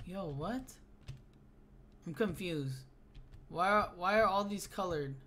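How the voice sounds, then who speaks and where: A young gaming YouTuber does casual let's-play commentary on a horror game in a voice that sits high and moves slowly. He's excitable and jumpy, calling everyone "bro" and yelling whenever something startles him.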